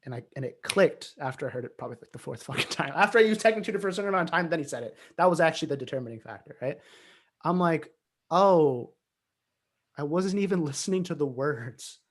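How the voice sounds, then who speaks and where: A man's voice: a little high, expressive, fast talker. A young man chatting casually on a podcast, telling a story with frequent laughs and swearing. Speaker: podcast co-host. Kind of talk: casual chat.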